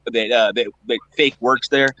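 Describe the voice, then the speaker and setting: A man on a live stream panel telling a rambling story, halting and restarting often. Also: medium pitch, fairly even intonation, pushed and bright, no room sound, highs cut off. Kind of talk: casual chat.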